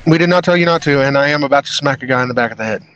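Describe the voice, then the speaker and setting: A man's voice: mid-range voice, racing, a bit bright, highs cut off. Hesitant man playing a tabletop game. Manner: hesitant, filler-heavy. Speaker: player.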